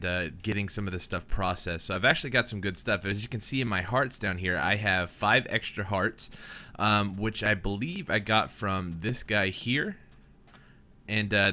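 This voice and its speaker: Pushed and bright, the lowish voice belongs to a young man doing casual let's-play commentary at home for his gaming channel. He's easygoing and rambling, leaning heavily on "man" and "dude."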